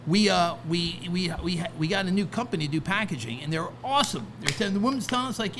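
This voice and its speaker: A man's voice: high-pitched, lively intonation, fast talker, few pauses, background noise. A man talking casually as a podcast guest, rambling with many restarts and "right?" asides. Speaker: guest, record label founder. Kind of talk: casual interview talk.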